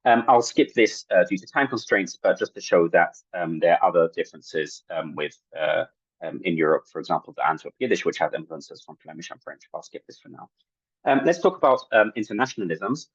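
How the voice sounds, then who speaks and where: A man giving an academic talk at an online workshop, halting and full of fillers, on video-call audio. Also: sits low, animated, slightly rough, dry recording, muffled recording. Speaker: workshop presenter.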